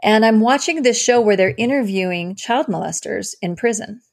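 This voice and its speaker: A woman sharing her personal story as an interview guest, earnest and halting, with many fillers and restarts. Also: medium pitch, lively intonation, vocal fry, darkish tone. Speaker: guest, survivor advocate.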